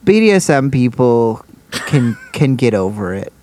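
A man co-hosting a podcast, casually recapping a TV episode in a rambling, animated way full of restarts. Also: mid-range voice, a little slow, slight background noise. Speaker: podcast co-host.

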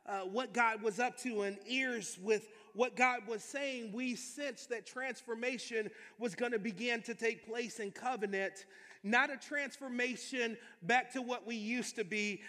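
A male pastor preaching a sermon with energetic, emphatic delivery and calls for amens to the congregation. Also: very high voice. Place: church sanctuary. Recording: long hall reverb.

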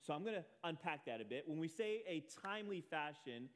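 A man preaching a sermon as pastor, telling a personal story with animated, self-deprecating asides. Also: fairly high pitch, brisk.

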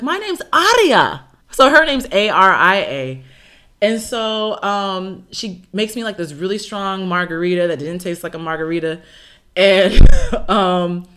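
A woman casually telling a story, animated and laughing often as she acts out what people said. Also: mid-range voice. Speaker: storyteller recounting a solo trip. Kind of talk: casual chat.

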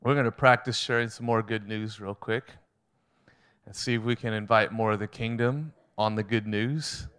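A man leading a church meeting, slow and encouraging as he calls someone up to share. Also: on the low side, fairly even intonation, a bit bright, clear, resonant tone. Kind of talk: sermon.

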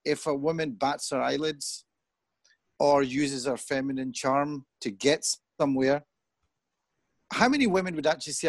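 A middle-aged man talking in an earnest, thoughtful way as an interview guest. He grows animated when he quotes other people. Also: mid-range voice, moderate pace, no room sound. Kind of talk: reflective conversation.

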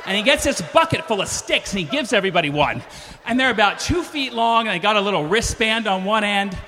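A man telling a funny personal story live on stage, animated and acting out other people's voices. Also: fast, a little hiss or hum. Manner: animated, acts out voices with big pitch jumps. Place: stage before a live audience. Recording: live stage recording with long reverb.

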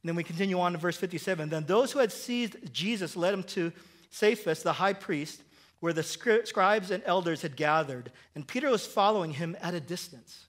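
A man's voice: high voice, a bit bright. A man preaching a sermon in church, conversational and joking, often restarting and asking "right?". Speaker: pastor.

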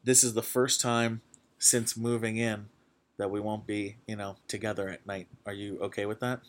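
A young man hosting a podcast, chatting casually and excitedly, with lots of fillers and restarts. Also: fairly low pitch, moderate pace. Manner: rambling, full of fillers, excitable. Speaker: podcast host. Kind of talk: casual chat.

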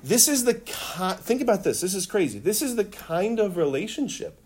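A man teaching a room of children, his voice lively and a little raised. He laughs easily, asks questions and leads the group in chanting phrases back. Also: sits high, moderate pace, husky. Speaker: religion teacher. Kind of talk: classroom teaching with call-and-response. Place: classroom.

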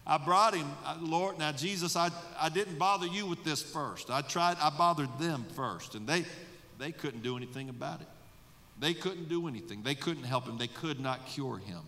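A man's voice: fairly high pitch, moderate pace, bright, forceful tone. A man, a pastor, preaching at a midweek Bible study, emphatic and full of rhetorical questions to his congregation. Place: church sanctuary. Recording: long reverb of a large room.

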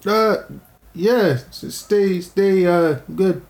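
A man's voice: high-pitched, drawn-out words, a little mellow. A man co-hosting a podcast, laid-back and a bit hesitant when put on the spot. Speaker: podcast co-host. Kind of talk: casual chat. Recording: roomy echo.

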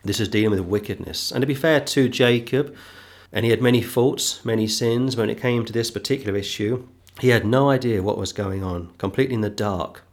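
A man teaching a Bible sermon, reading King James verses slowly and repeating phrases for emphasis. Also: fairly low pitch. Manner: reads scripture slowly, then comments with emphatic repetition. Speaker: preacher.

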